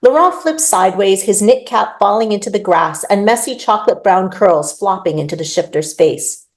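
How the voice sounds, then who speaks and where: A woman author reading her own urban fantasy novel aloud, in expressive first-person narration. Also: mid-range voice, moderate pace.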